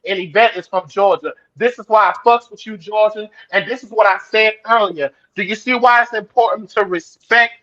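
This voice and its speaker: A woman with a New Orleans accent hosts a livestream chat in an animated, slang-heavy way, cussing freely. Her voice comes through dull and muffled, like a lo-fi stream. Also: medium pitch, normal speed, few pauses. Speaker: show host.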